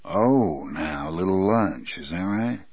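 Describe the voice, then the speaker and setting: A man's voice: deep voice, expressive, a little slow, a little mellow, husky, dry recording, exaggerated voice. A man reading a cautious deputy sheriff who questions a suspect in a careful, coaxing way. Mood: coaxing, wary. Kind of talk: audiobook character voice.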